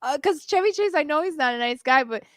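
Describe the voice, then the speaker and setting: A woman's voice: high voice, expressive, fast talker, fairly bright tone, dry recording, studio quality. A woman co-hosting a podcast in casual chat, telling stories animatedly and laughing often. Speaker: podcast co-host.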